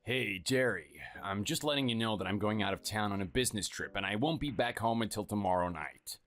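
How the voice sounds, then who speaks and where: A man's voice: brisk, over music, lightly acted. A man playing a scornful, bossy husband who belittles his spouse, in a dramatized story. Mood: contemptuous. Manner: sneering and dismissive, low and clipped.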